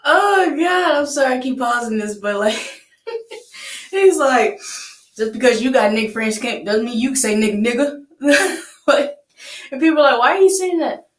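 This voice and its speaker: A woman's voice: on the high side, lively intonation, measured pace, long pauses. Chatty young woman reacting in an echoey room. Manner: chatty, laughs often, rhetorical questions. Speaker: reaction video host. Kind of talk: casual reaction commentary.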